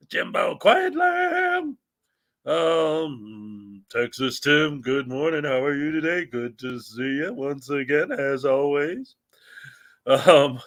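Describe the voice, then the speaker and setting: A man hosting a casual livestream, greeting viewers by name in a lively, upbeat way. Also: fairly high pitch. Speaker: livestream host.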